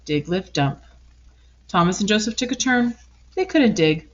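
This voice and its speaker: A woman reads a children's storybook aloud, her voice rising and falling with lively expression. The recording is a little dull and lo-fi. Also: medium pitch, measured pace. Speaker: storybook reader. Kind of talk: picture book read-aloud.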